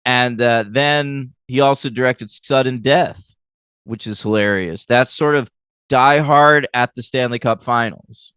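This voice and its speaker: A man co-hosting a film podcast in a loose, animated way, with a lot of casual swearing and quick laughs. His voice is smooth and resonant, and the recording is close and dry, with no room sound. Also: medium pitch, dry recording. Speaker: podcast co-host. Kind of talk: casual chat.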